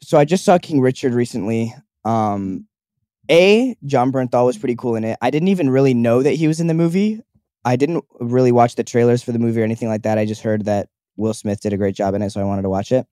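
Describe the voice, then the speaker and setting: A man's voice: medium pitch, quick pace, warm tone, dry recording, clean studio sound. A young man co-hosting a casual chat show, rambling with lots of fillers and restarts. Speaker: podcast co-host.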